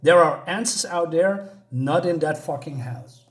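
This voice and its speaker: A frustrated, trapped man bursts out in heated, cursing lines, as a reviewer voices him. His voice sits fairly high and keeps returning to anger. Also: unhurried, natural voice. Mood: angry.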